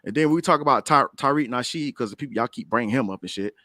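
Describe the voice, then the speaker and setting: A man's voice: mid-range voice, fast, sharp tone, no room sound, studio quality. Blunt, profane man in heated debate. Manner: blunt, profane, stammering restarts. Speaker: debate panelist.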